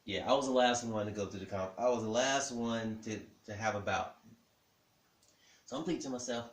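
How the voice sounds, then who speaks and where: A man telling a personal story in a lively way, acting out what each person said. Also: mid-range voice, a little fast, distant mic. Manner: animated, acts out the dialogue of everyone in the story. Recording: echoey room.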